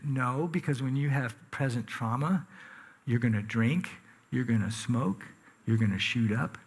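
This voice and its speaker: A man's voice: mid-range voice, a little slow, slightly rough. A man preaching a sermon in a church, talking conversationally and with emphasis, asking the congregation questions. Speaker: pastor. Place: church sanctuary.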